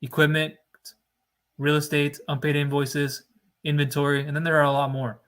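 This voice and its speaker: This man's voice is a little high and fairly bright, with a flat delivery. He lectures his viewers emphatically about business funding straight to camera, stressing and stretching out key words to hammer home his points.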